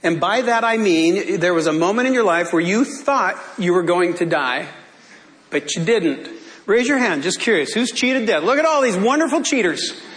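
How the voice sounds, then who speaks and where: A male pastor preaching a sermon in church, telling a story in a lively way and laughing often. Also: high-pitched, moderate pace, long reverb tail. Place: church sanctuary.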